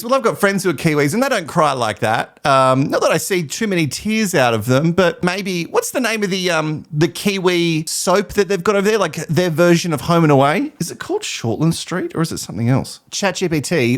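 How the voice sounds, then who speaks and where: A sarcastic man riffs through a reality TV recap with a lively, swinging pitch. He talks casually and often breaks into laughter. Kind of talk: casual reaction commentary.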